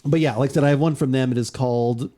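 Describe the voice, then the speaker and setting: A man's voice: mid-range voice, steady tone, very fast, warm tone. A man hosting a podcast, chatty and joking in casual conversation. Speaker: podcast host.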